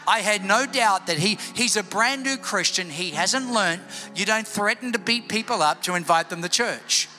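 Male pastor, very high and bright tone, animated testimony, soft music under him. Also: moderate pace. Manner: animated storytelling, drops to hushed tones for prayer. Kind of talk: Easter sermon with personal testimony. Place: church building before a congregation.

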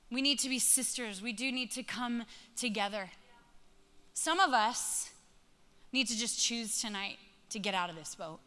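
A woman's voice: on the high side, expressive, moderate pace, pauses often, sharp tone. A woman preaching a sermon in a conversational, emphatic way, urging her listeners on. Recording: long hall reverb.

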